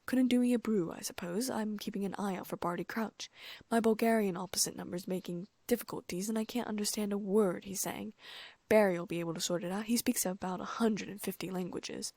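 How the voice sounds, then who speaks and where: A woman voicing a jovial, blustering middle-aged male official, loud and chummy in manner. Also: mid-range voice, fairly even intonation, fairly quick, no room sound, natural voice.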